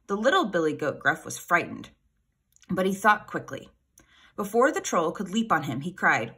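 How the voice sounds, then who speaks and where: A woman reading a children's fairy tale aloud in an expressive, animated way. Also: fairly low pitch, moderate pace, husky. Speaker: storyteller.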